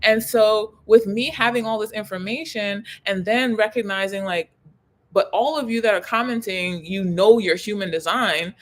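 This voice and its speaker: A woman in her thirties speaks straight to her viewers as a coach, casual and slangy. She hammers points home by repeating words, with a voice of middling pitch and an easy, unpolished flow. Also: moderate pace. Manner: emphatic, repeats key words, slangy and conversational. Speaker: human design coach. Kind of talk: casual direct-to-camera talk.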